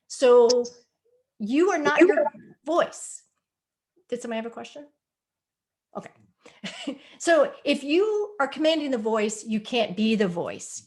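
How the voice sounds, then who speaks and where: A woman's voice: fairly high pitch, darkish tone. A woman presenting a spiritual health talk over a video call, earnest and coaxing, repeating her points. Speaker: wellness presenter. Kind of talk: live online presentation.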